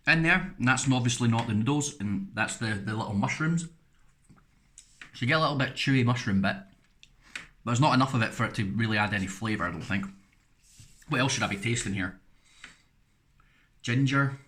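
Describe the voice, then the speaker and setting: A man's voice: medium pitch, fairly bright tone. An English man giving a casual, frank food review, rambling through chatty asides as he tastes.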